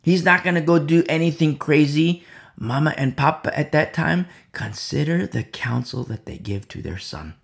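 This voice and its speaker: A man preaching a Bible sermon, repeating key phrases, asking "You see?" and swinging between loud emphasis and quiet asides. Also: on the high side, lively intonation, moderate pace, vocal fry. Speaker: Bible teacher.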